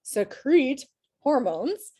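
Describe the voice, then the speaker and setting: A woman leads an online class through a computer mic, chatty and upbeat with her students. Her voice sits a little high and sounds tired after a full day of teaching. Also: big pitch swings, extremely slow, warm tone, slightly rough.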